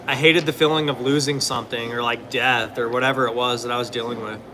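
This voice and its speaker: A young man chats casually at medium pitch and a quick pace, his tone steady but sharp, with a little hiss or hum on the recording. He rambles in a laid-back way, using lots of fillers and occasionally answering viewer questions.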